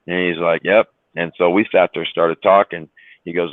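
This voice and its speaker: Speaking at a moderate pace in a deep voice with little pitch movement, a trucker on a livestream chat tells casual stories over a dry, tinny phone-like line with no echo. He's rambling and profane, heavy on "you know" and "right?".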